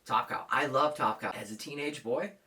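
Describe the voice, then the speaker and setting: A man's voice: medium pitch, normal speed, bright, forceful tone. A man in his thirties delivering a heated, profane, blunt rant as a vlogger. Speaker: comics vlogger. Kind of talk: casual ranting monologue.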